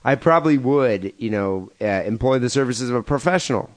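A man's voice: medium pitch, lively intonation, brisk. A man co-hosting a crude comedy podcast in casual chat, rambling with lots of fillers and laughing at his own jokes. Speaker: podcast co-host.

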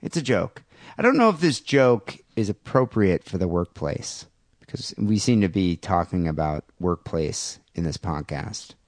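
A man's voice: sits low, big pitch swings, unhurried, no echo. A man hosting a comedy podcast, joking and bantering casually. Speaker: podcast host.

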